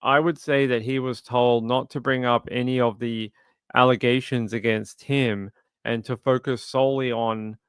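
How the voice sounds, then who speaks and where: Man, mid pitch, smooth, dry close mic, conversational. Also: fairly even intonation, moderate pace, dry recording. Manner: conversational, sympathetic, reads chat aloud. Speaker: true crime livestream host. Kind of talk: casual livestream chat, reading viewer comments.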